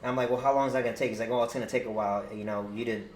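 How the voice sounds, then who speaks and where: A young man streamer telling a story in casual chat, animated and swearing a lot. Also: medium pitch, very fast. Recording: roomy echo, faint noise.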